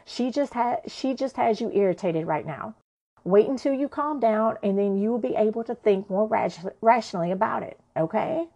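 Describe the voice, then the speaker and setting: A woman's voice: a little high, moderate pace, muffled recording. A woman doing a patient, soothing friend. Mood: calm, soothing. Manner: calm and reassuring.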